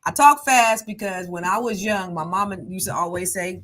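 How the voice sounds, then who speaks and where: A middle-aged woman hosting a casual livestream chat. She naturally talks fast and is consciously trying to slow herself down. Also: medium pitch, fairly bright tone. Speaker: livestream host.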